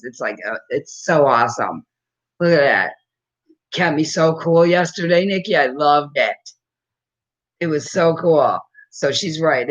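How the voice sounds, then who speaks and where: A woman in her fifties chatting casually to camera at home, rambling and laughing often as she talks. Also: rumbling low. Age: 50s. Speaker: vlogger. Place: at home with a dog. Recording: dull lo-fi recording.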